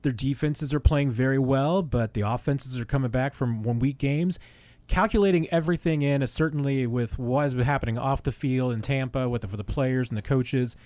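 A man's voice: mid-range voice, fairly quick, darkish tone, no echo. A man appearing as a guest on a sports talk radio show, giving emphatic opinions on a football matchup. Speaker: team beat writer guest.

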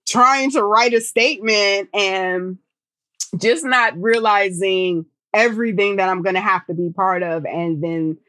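A woman guest in a casual interview, telling a personal story in an animated way and acting out what people said. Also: mid-range voice, a little slow. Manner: animated storytelling, acting out her own dialogue.

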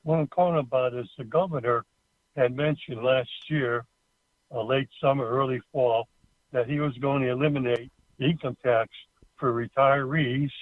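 A man in his seventies, a caller leaving a halting, plain complaint over the phone. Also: medium pitch, fairly even intonation, no room sound. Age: 70s. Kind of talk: phoned-in recorded rant. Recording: tinny phone line.

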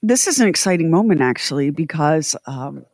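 A woman's voice: deep voice, lively intonation, moderate pace, darkish tone, no echo. A woman co-hosting a radio show, chatting casually and playfully, laughing often.

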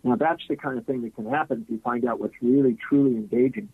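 A guest in an interview tells a story animatedly, acting out quotes as a fast-talking anecdotal storyteller. His husky, mid-range voice comes over a tinny, phone-like line with no echo.

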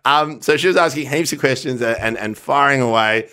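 A man's voice: mid-range voice, fairly quick, bright, forceful tone, smooth. Rambling man telling a story. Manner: rambling storyteller, laughs easily. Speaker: podcast host. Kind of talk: casual chat.

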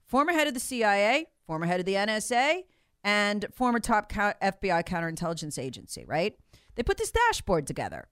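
A woman's voice: mid-range voice, huge pitch swings, fairly quick, fairly bright tone, clean tone, dry recording, clean studio sound. A woman giving emphatic political commentary, repeating her points and acting out what others said. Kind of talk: animated political talk.

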